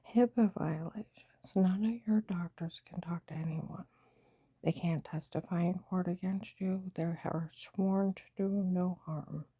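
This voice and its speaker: Woman, low and dark-toned, gravelly and breathy, agitated vlog storytelling, dry close sound. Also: steady tone, a little slow, no room sound. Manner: agitated, emphatic retelling with quoted dialogue.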